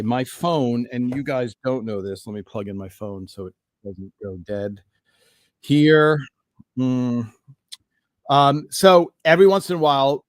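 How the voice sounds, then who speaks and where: A man's voice: mid-range voice, dry recording. A man hosting a live stream from home, greeting viewers one by one in a loose, enthusiastic, rambling way and talking to himself between hellos. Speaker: host.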